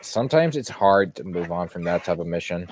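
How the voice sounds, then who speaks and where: A man speaking slowly and reassuringly, with fillers and restarts. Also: sits low, animated, darkish tone, a little hiss or hum.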